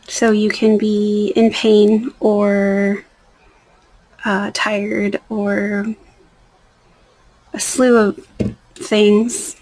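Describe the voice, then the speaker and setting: While painting her nails, a young nail art vlogger chats in a soft, rambling way that drifts into near-whispers. She has a mid-range voice with flat delivery, speaks very slowly with frequent pauses, and the recording quality is low.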